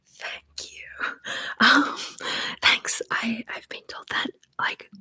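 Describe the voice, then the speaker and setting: A young woman in a soft, tinkly whisper, chatting with viewers on an ASMR livestream and softly repeating words. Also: takes it slowly, no room sound, rough recording. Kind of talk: whispered live chat.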